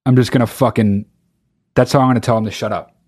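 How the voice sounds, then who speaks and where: A man's voice: medium pitch, fairly even intonation, a little mellow, breathy edge. A man hosting a solo podcast, rambling in casual talk and swearing freely. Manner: rapid, profane, rambling. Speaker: podcast host.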